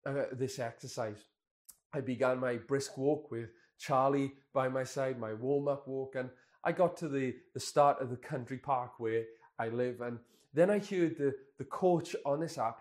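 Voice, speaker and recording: A man's voice: medium pitch, measured pace, a little mellow. A man in his twenties, a pastor telling a candid, self-deprecating personal story in a sermon. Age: 20s.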